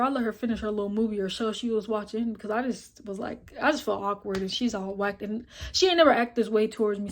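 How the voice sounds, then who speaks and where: Blunt, profane young woman vlogger. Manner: retells scenes with quoted dialogue and filler like "boom, boom, boom". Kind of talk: casual storytelling vlog.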